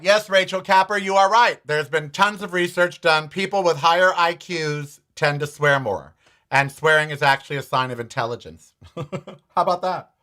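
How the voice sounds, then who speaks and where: A man's voice: mid-range voice, sharp tone. A man hosting his own show, giving blunt, sarcastic political commentary and swearing freely. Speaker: podcast host.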